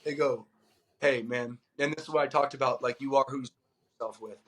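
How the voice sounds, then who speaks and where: A man's voice: mid-range voice, brisk, low-quality recording. A middle-aged man from California, a former baseball pro, telling stories in a loose, casual way, acting out the dialogue he quotes. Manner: loose and animated, acts out quoted dialogue, lots of "like". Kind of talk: casual storytelling.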